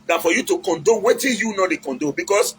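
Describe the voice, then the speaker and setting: A man's voice: sits high, fast, a little hiss or hum, poor audio. A man with a Nigerian accent giving casual, preachy relationship advice, mixing in Pidgin and acting out quotes.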